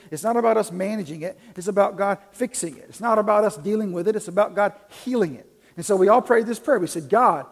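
Man, pastor, high voice, conversational sermon, soft-to-loud swings, church with long reverb. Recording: long reverb in a large hall.

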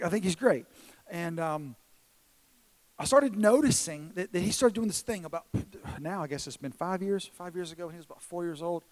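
A man's voice: on the high side, darkish tone, low-quality recording. A man in his thirties who is a pastor, preaching from a church stage in an earnest, self-deprecating storytelling way, often restarting his words. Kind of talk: sermon.

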